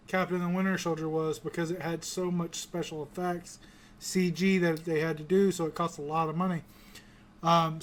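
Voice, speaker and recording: A man from the American South hosting a casual pop-culture review chat, rambling with many restarts and casual swearing. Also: high-pitched. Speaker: podcast host.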